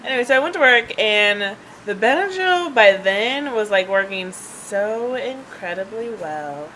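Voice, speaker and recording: A woman vlogger with a medium-pitched, sharp-toned voice sounds animated yet keeps a measured pace while rambling through a personal story, laughing frequently and using ums and restarts. The rough recording, made with a handheld device camera, has a slight hiss or hum.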